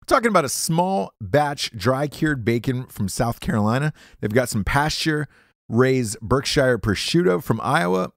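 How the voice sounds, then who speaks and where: A man's voice: mid-range voice, expressive, normal speed, creaky, no echo, clean studio sound. A man hosting a podcast, reading sponsor ads as crude, rambling comic riffs full of swearing. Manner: profane, rambling, jokey riffs. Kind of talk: crude comedic ad read.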